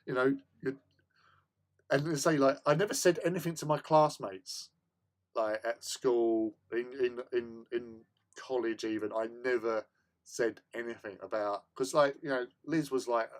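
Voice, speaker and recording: A man's voice: mid-range voice, unhurried. A man, hosting a casual hobby stream, tells a story with lots of laughter and stammered repeats. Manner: animated, laughs often, stammers and repeats words. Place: home hobby room.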